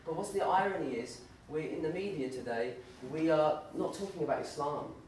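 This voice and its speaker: A man giving an informal, animated talk full of anecdotes and fillers, in a university lecture room. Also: a little high, brisk, a little hiss or hum. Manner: animated, acts out voices in the stories, many fillers. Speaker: guest speaker at a campus talk. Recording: very echoey room, distant mic.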